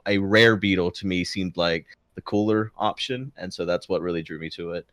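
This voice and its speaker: A man's voice: deep voice, normal speed, a bit bright, no echo, clean studio sound. A man talking casually as a podcast guest, rambling with many restarts and frequent chuckles. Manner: rambling, self-correcting, chuckles often. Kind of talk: casual chat.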